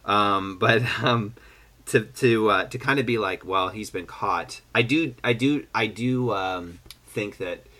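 A man hosting a casual chat, talking in an animated way with lots of fillers and restarts. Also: lowish voice, slow pace. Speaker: podcast host. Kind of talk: casual chat, guessing game.

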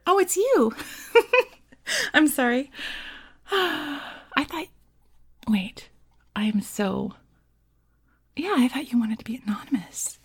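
A woman's voice: sits high, expressive, slow pace, long pauses, fairly bright tone. A woman performer chatting casually between requests, rambling and laughing, sometimes dropping into a whisper. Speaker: live performer reading requests. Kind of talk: casual chat.

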